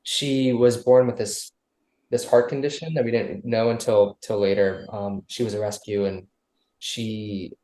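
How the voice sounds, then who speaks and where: A man's voice: fairly low pitch, level tone, measured pace, warm tone. A man guesting on a casual podcast, loose and rambling with many restarts. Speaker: musician guest. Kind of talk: casual interview chat. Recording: roomy echo.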